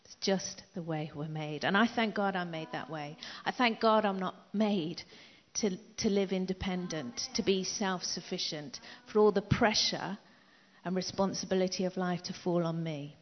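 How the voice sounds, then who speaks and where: A middle-aged woman preaching a sermon in an emphatic way, repeating key phrases and dropping into soft asides. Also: fairly low pitch, moderate pace, a little hiss or hum. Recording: dull echoey hall recording.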